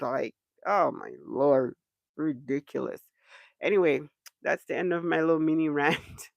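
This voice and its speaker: A man's voice: fairly high pitch, lively intonation, normal speed, creaky, dry recording. A man hosting a livestream, ranting in a casual, exasperated and emphatic way, often repeating himself. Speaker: livestream host.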